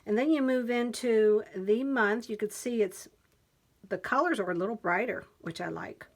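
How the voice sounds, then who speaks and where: A woman's voice: a little high, moderate pace, slight background noise. A woman vlogger walking viewers through a new planner, chatty and enthusiastic as she describes each page. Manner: enthusiastic, chatty, reads quotes aloud. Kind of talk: planner flip-through walkthrough.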